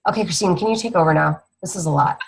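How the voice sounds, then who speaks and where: Gravelly, husky young woman coach. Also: on the low side, quick pace, rough recording. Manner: chatty, rambling, teasing. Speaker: fitness coach. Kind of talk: casual training talk.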